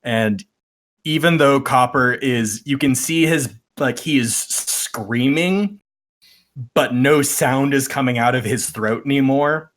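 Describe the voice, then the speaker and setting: A man serving as game master, narrating the scene at an unhurried pace. His voice is bright and forward, and his talk is hesitant and full of fillers. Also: medium pitch. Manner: hesitant, lots of uh and um, chuckling.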